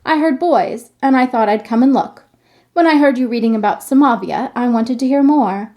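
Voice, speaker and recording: A woman reading aloud, voicing a calm, sturdy twelve-year-old boy who speaks plainly and with curiosity. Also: fairly high pitch, normal speed, voice pushed up, close to an everyday voice.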